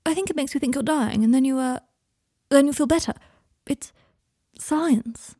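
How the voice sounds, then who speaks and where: A woman voicing an anxious, prim young wizard man who speaks in a fretful, formal way, a bit higher than her narration. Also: fast talker, mellow, no echo, studio quality. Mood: earnest.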